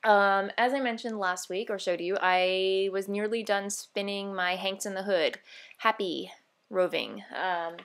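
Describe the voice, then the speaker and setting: A woman's voice: mid-range voice, a little slow. A woman hosting a knitting video podcast, chatting casually and bubbly, rambling with fillers and self-corrections. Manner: bubbly and easily excited. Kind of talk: casual show-and-tell vlog.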